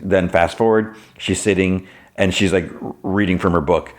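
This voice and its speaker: Male podcast host, low voice, loose rambling recap delivery, heavy on filler words. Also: fairly even intonation, normal speed. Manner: rambling, fills with "like" and "you know", swaps in "fudging" for curses. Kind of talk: casual TV episode recap.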